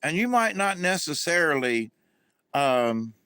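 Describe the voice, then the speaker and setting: A man's voice: a little high, sing-song, a little slow, sharp tone, smooth, no echo. A middle-aged man from Florida, hosting a casual, meandering monologue full of fillers and restarts. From Florida, USA. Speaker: channel host.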